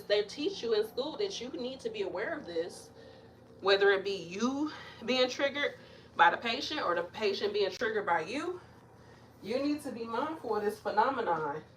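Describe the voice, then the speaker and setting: A woman, a nurse talking casually to the camera, blunt and animated, swearing and laughing as she rambles. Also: a little hiss or hum. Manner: blunt, animated, swears and laughs, acts out patients in higher voices. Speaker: nurse vlogger. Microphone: camera mic.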